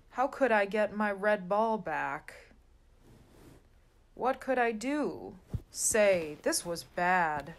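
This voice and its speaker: A woman reading a rhyming children's picture book aloud in a sing-song way. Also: mid-range voice. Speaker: storybook reader.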